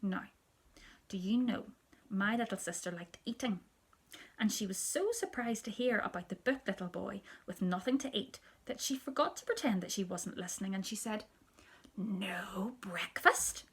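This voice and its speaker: A woman, a teacher, reading a children's story aloud in a soft, hushed storytelling manner that often drops near a whisper. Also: medium pitch, expressive, normal speed, breathy edge.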